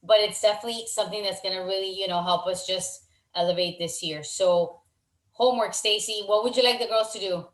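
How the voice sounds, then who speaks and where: A woman leading a motivational team video call, warmly effusive and encouraging, repeating her praise. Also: mid-range voice, fairly even intonation, fairly quick, echoey room, low-quality recording.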